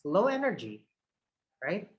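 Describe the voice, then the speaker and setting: A man's voice: high-pitched, slow pace, rough recording. A man coaching call center trainees on a video call, shifting his energy up and down to show tone of voice. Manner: expressive, shifts energy up and down to demonstrate tone. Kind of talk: online training session.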